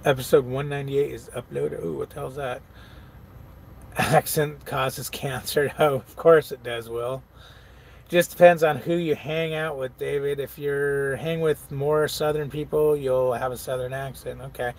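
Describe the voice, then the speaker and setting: A man's voice: medium pitch, steady tone, unhurried, gravelly. A middle-aged man, a truck driver, chatting casually on a live stream, reading viewer comments aloud, laughing often and riffing on them.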